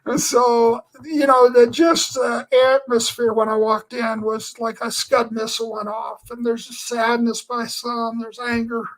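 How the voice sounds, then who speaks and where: A man's voice: extremely high pitch, little pitch movement, unhurried, few pauses, rough recording. A man giving an earnest personal testimony, telling his story in a meandering way with lots of filler phrases. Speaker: Christian speaker.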